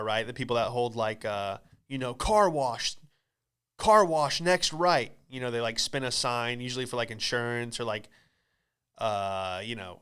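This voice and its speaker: A man hosting a comedy podcast, telling a story in an animated, profane, exclamatory way. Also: mid-range voice, clean tone.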